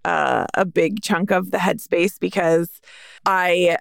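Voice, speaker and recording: A woman's voice: on the low side, steady tone, slow pace, vocal fry, no echo, clean studio sound. A female podcast co-host, a practice management consultant, speaking earnestly and casually.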